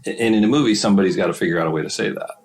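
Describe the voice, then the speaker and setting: An American man from Wisconsin, a screenwriter and novelist being interviewed, telling stories in a halting way and laughing often. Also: low-pitched, rough recording. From Wisconsin, USA. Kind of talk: casual interview answers.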